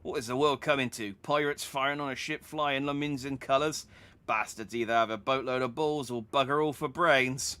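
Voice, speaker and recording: A man voicing a gruff, loud sailor who barks coarse orders, reading game dialogue aloud. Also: mid-range voice, steady tone, moderate pace, natural voice. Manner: barking, coarse.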